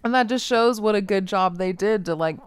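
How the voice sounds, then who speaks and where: A woman casually recapping a movie plot in animated detail, swearing freely and acting out the characters' lines. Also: medium pitch, fairly quick, smooth, no echo. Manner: animated storytelling, frequent swearing, acts out quotes. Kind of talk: casual chat.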